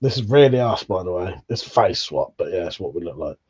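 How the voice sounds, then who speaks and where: Brief: man, livestream host, joking and cursing through chat, warm tone, muffled lo-fi sound. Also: sits low, lively intonation, a little fast, slightly rough. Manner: swearing, joking banter. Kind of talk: casual live chat reading viewer messages.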